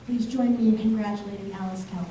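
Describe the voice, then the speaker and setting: Hoarse woman reading awards in an echoey hall. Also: medium pitch, fairly even intonation, fast, mellow, slight background noise. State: losing her voice. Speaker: school award presenter. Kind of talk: formal award citations read aloud. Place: school auditorium. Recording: echoey auditorium from far off.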